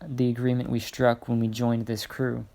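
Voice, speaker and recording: A man voicing an eager young male crewmate in a fan-made story, reading loudly and slowly. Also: mid-range voice, completely flat delivery, vocal fry, lightly acted.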